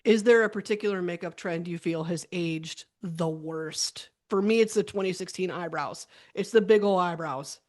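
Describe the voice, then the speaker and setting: A woman hosting a casual interview, chatty and quick to laugh. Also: on the low side. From United States. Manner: chatty, animated, laughs easily. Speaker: podcast host.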